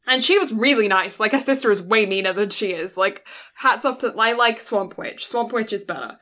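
A woman co-hosting a casual podcast, retelling a film's plot in an animated way with quick quoted voices. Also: on the high side. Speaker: podcast co-host. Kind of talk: casual film recap chat.

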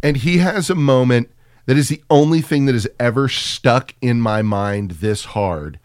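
A man's voice: mid-range voice, measured pace, clean tone, no echo. Male podcast co-host: profane, jokey movie riffer, dry booth sound. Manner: profane, jokey, slips into mock voices. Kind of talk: casual movie-riffing chat.

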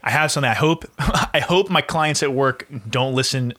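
A man's voice: mid-range voice, normal speed, bright, forceful tone, no room sound. A young man co-hosting a casual podcast, ranting animatedly, swearing freely and laughing often. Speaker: podcast co-host.

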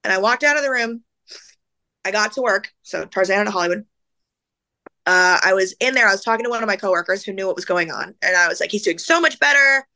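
A woman speaking as an interview guest, telling an emotional personal story in casual, animated speech full of "like"s and acted-out voices. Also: mid-range voice, quick pace. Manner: animated, acts out the voices of people in her story; casual, filler-heavy speech with many "like"s.

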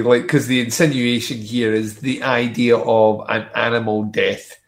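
A man co-hosts a casual podcast, adding dry, wry remarks and laughing often. He talks at an unhurried, slow pace. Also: medium pitch, flat delivery. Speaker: podcast co-host. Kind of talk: casual chat.

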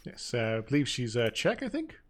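A man's voice: medium pitch, wildly swooping pitch, a little fast. A man co-hosting a casual podcast, speaking hesitantly with frequent fillers and chuckles. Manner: hesitant, many uhs and restarts, chuckles often. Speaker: podcast co-host.

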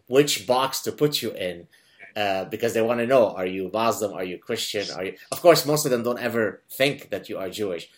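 Middle-aged guy hosting a chat, low voice, lots of uh and restarts. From Lebanon. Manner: animated storyteller, frequent fillers and restarts. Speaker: podcast host. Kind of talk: conversational interview.

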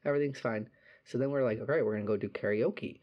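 A young man tells a bar story in casual chat, profane and animated, jumping into voices for the people he quotes. His voice sits mid-range and the recording sounds a little dull and lo-fi. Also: mid-range voice, quick pace.

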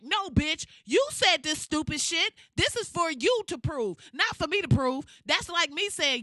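Bright, lively, fired-up woman ranting. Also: extremely high pitch, unhurried, few pauses, no room sound. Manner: blunt, profane, fired-up. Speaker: commentator. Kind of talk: casual ranting commentary.

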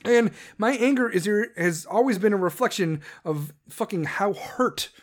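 A man's voice: high voice, expressive, unhurried. Man ranting angrily, swearing nonstop. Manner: heated, swears constantly, stumbles and restarts. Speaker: parent ranting on camera. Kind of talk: profane angry rant.

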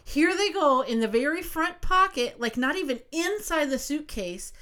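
A woman's voice: high voice, expressive, normal speed, fairly bright tone. A woman in her thirties, a podcast co-host chatting casually, telling a long story with plenty of swearing and acting out what she said.

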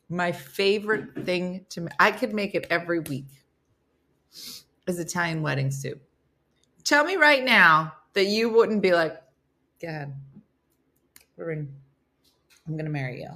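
Bright-voiced woman chatting live. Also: lowish voice. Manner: chatty, playful, teasing asides to viewers. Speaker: host of a live morning show. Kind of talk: casual live-stream chat.

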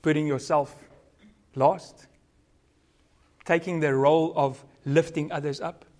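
A man's voice: on the high side, fairly even intonation, slow pace. Earnest South African preacher man. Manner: earnest preaching, code-switching, varied loudness. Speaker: pastor. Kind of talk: sermon.

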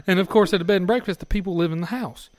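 A man's voice: high voice, rapid-fire, a little hiss or hum. A man, a podcast guest, telling crude stories in casual chat and often laughing as he talks.

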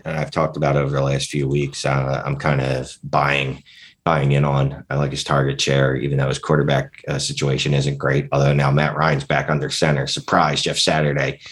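Super deep voiced guy, laid back, lots of ums. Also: monotone, normal speed. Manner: laid-back, hesitant, many fillers. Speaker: fantasy football podcast co-host. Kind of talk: casual chat.

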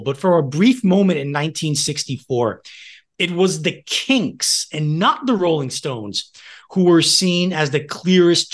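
A man's voice: on the high side, a bit bright. A man co-hosting a music history podcast, reading prepared notes with casual asides and the odd laugh. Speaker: podcast co-host.

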